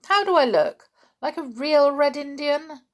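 A woman reading aloud, voicing a cheeky, excitable farm boy in a bouncy, high-spirited way. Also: measured pace.

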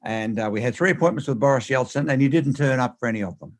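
A man's voice: mid-range voice, fast talker. A man, a guest in an interview, telling anecdotes in an emphatic way, often repeating words and restarting phrases. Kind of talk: animated anecdotal storytelling.

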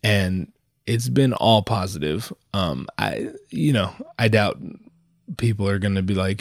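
A man's voice: on the low side, moderate pace, dry recording, clean studio sound. A young man hosting his own podcast alone, talking in a rambling, profane, self-mocking way while he is sick and sounds a bit nasal. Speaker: solo podcast host. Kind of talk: rambling casual monologue. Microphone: headphones and microphone.

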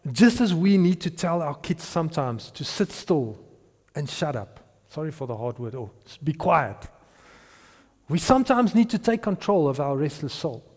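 A middle-aged South African man, Afrikaans by birth, preaches in a fairly high, animated voice. He stumbles over repeated words and chuckles between points. His voice carries with a long reverb through a large hall. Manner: animated, repeats himself, laughs between points, drops to hushed tones. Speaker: pastor. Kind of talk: sermon.

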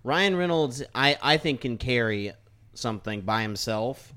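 A man's voice: mid-range voice, animated, unhurried, bright, forceful tone, clear, resonant tone. A man joining a casual movie podcast, jokey and emphatic, often tossing in "dude". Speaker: podcast co-host. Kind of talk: casual movie review chat.

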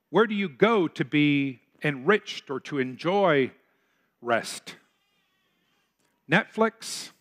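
Earnest preaching man, slightly high voice. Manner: earnest preaching with rhetorical questions. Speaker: pastor. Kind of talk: sermon. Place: church sanctuary.

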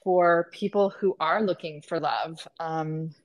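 A woman's voice: sits low, steady tone, slow pace. A woman hosting a podcast, talking casually and enthusiastically, often gushing over her guest. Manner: enthusiastic, gushing, many fillers. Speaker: podcast host, matchmaker.

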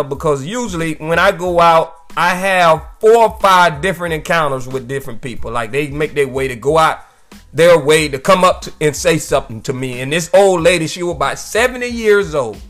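A man hosts his own weekly podcast, ranting casually on his own with loose, profane jokes and a frequent "you know what I'm saying." His voice is on the high side and a bit bright, his pace brisk, with faint music in the background.

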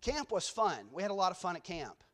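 A man's voice: high-pitched, sing-song, a little fast, a bit bright. A man speaking as a guest preacher in a church, telling rambling, self-deprecating stories with many restarts before his sermon. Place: church sanctuary.

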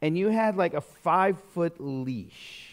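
A middle-aged man preaches in a loose, conversational way, full of asides and restarts. His voice sits a little high and swings widely in pitch as he tells his stories. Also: slow. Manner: animated storytelling, conversational with many fillers. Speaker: pastor. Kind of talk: sermon.

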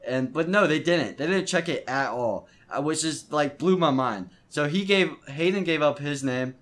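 A man's voice: fairly high pitch, normal speed, a bit bright. A teenage boy hosting his own podcast, telling a story in a loose, rambling way with lots of stumbles and restarts. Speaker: podcast host. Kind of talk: casual storytelling monologue.

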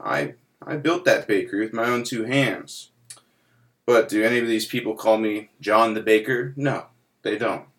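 A man voicing his boastful old uncle, a builder who complains, loud and emphatic, that nobody credits his work. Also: fairly low pitch, normal speed, lightly acted. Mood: aggrieved boasting. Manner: proud, indignant, emphatic.

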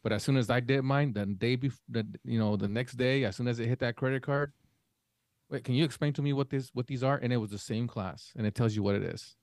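A man's voice: mid-range voice, brisk, darkish tone, no echo, clean studio sound. A man co-hosting a podcast, telling a long story in casual chat and acting out the dialogue in it. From Mexican family. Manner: rambling storyteller, acts out quoted dialogue. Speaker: podcast co-host.

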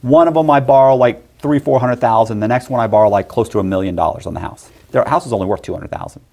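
A man's voice: medium pitch, vocal fry. Man telling a story, acting out voices. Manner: animated, acts out other people's lines in quick voices. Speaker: guest telling a personal story. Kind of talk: casual storytelling.

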